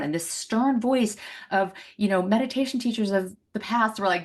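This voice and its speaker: A middle-aged woman who works as a money mindset coach tells a personal story in a podcast conversation. Her voice is medium-pitched and brisk, and she animatedly acts out the voices she quotes.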